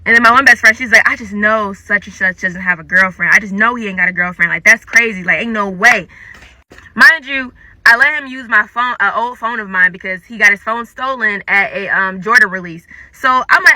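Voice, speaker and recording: A young woman telling a personal story in a casual storytime, animated and dramatic, acting out the quotes. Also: medium pitch, fairly quick, no room sound. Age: young adult.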